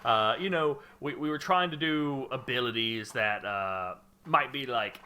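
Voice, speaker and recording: A man's voice: medium pitch, measured pace, pushed and bright, clear, resonant tone. A man hosting a casual gaming podcast, rambling with lots of fillers and restarts. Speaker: podcast host. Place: home room under a spotlight.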